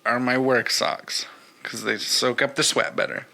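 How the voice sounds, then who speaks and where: A man's voice: mid-range voice, little pitch movement, measured pace, gravelly, pushed and bright, low-quality recording. A man co-hosting a casual podcast with his brothers, sheepish and laughing at himself. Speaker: podcast co-host. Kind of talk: casual chat among brothers.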